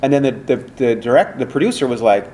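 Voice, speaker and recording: A man being interviewed as a voice actor, chatting casually and telling animated stories with acted-out quotes and many fillers. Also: mid-range voice, quick pace, slight background noise. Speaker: voice actor guest.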